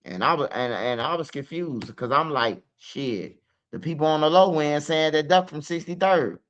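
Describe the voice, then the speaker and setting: A man's voice: on the high side, normal speed, fairly bright tone, dull audio. A man with a Chicago accent telling his story in casual, profane street slang, full of "man" and "bro".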